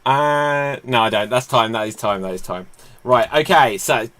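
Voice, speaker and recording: A man's voice: medium pitch, a bit bright, a little hiss or hum. A man hosting a live-streamed comedy game show in a chatty, upbeat way. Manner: chatty and upbeat, with quick asides.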